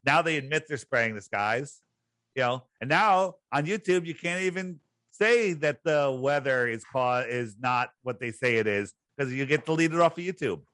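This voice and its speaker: A man's voice: medium pitch, animated, normal speed, a bit bright, no echo. A man hosting a podcast chat, talking in an emphatic, incredulous and sarcastic way. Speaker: host.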